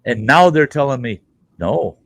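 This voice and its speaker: A man playing a crude, defiant man who thinks he is dying, voiced loud and raised. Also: mid-range voice, expressive, measured pace, no echo, clean studio sound.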